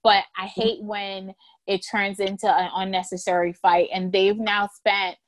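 A woman speaking as a guest in a casual interview, chatty and quick to laugh, with many "like"s. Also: medium pitch, little pitch movement. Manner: chatty, lots of likes, laughs easily.

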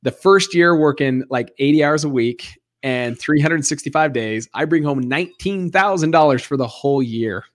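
A man in his thirties, an interview guest who tells his story in a lively way and acts out the other voices. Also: fairly high pitch, normal speed, few pauses. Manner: animated storyteller acting out dialogue. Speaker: guest, real estate investor.

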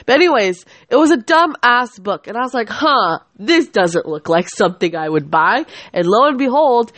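With a medium pitch and no room sound, a twenty-something woman rants on her podcast. She rambles, curses, and keeps interrupting herself in this angry, casual venting session.

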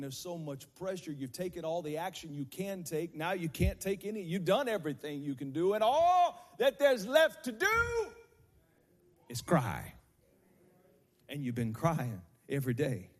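A male pastor preaching a sermon to his congregation on a handheld microphone, building from slow teaching into shouted, sung cadences. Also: on the high side, sing-song, in a large hall. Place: church sanctuary.

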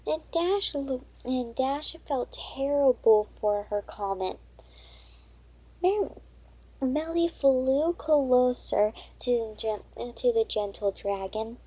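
Woman reading a kids book out loud, slow, stumbly, mellow breathy voice. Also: high voice, expressive, low-quality recording. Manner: halting, often rereads words. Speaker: storybook reader. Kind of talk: reading a children's book aloud.

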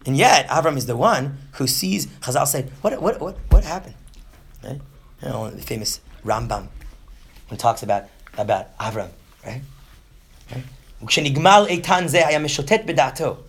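A man's voice: mid-range voice, breathy edge. A man in his thirties teaching a class on Jewish texts, who keeps checking in with "right?" and acts out short voices. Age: 30s. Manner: animated, often asks "right?", acts out quick voices. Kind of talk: lively lecture to a class.

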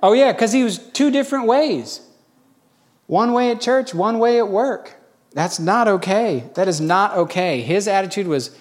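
A middle-aged man preaching a sermon as pastor, telling stories in a folksy way with animated bursts when quoting others. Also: high voice, moderate pace.

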